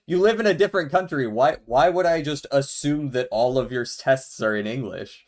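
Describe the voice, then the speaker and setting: A man's voice: medium pitch, normal speed, few pauses, a little mellow. A man streaming a game, chatting casually with his viewers, laughing often and musing aloud. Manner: laid-back, laughs often, talks to chat. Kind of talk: casual live-stream chat while gaming.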